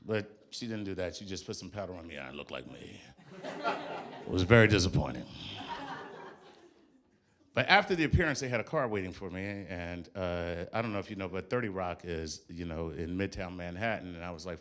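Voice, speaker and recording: On a club stage, a man from New York performs a stand-up set, telling a story with lively delivery and imitating other people's voices and accents. His voice is low-pitched, his pace moderate, and there's background noise.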